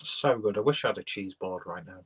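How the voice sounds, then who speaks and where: A man's voice: sits low, brisk, a little hiss or hum. A young man giving a rambling, sweary, casual live-stream beer review, talking while chewing. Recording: dull lo-fi stream audio.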